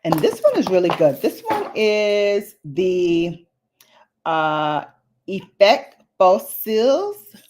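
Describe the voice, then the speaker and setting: A woman's voice: mid-range voice, big pitch swings, very slow, a little mellow. A woman vlogging a makeup demo in a chatty, playful way, full of slangy asides to her viewers. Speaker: beauty vlogger. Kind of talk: casual makeup demo chat.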